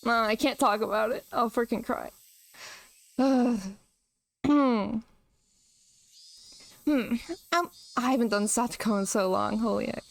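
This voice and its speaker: A woman's voice: a little high, a little slow, gravelly, long pauses. A young woman streamer chatting casually and emotionally while reading a visual novel aloud, rambling with lots of "like".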